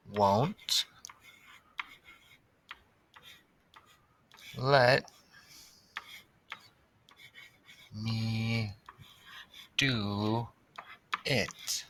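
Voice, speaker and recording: A man teaching a recorded lesson for young children, patient and slow, sounding out words and sentences. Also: fairly low pitch, pushed and bright.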